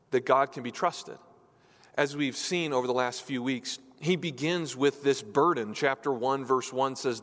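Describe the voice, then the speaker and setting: A man preaching in a church sanctuary, earnest and pleading, his voice rising when he asks questions. His pitch sits in an ordinary middle range. The voice rings with a long reverb that fills the hall. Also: fairly bright tone. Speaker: pastor. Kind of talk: sermon.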